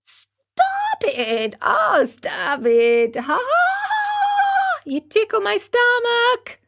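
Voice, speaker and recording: A tiny, childlike voice from inside a block of firewood, squeaking far above her normal range. It pleads and giggles with a thin, distant sound, like a storybook creature. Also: wildly swooping pitch, extremely slow, highs cut off, heavy background noise, exaggerated voice. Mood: giggling. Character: tiny weeping childlike voice inside a wooden log.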